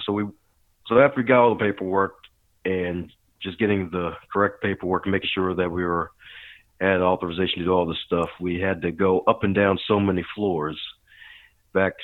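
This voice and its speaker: A man telling a long personal story as a podcast guest and leadership coach, animated and quick to laugh. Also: sits low, dry recording. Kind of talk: casual storytelling interview. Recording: tinny phone-like line, dry.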